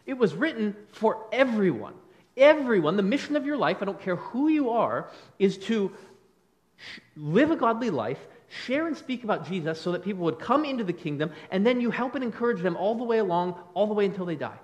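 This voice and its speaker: A male pastor preaching a conversational sermon, acting out quick bits of dialogue as he goes. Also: sits high. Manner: animated, conversational preaching with quick acted-out quotes.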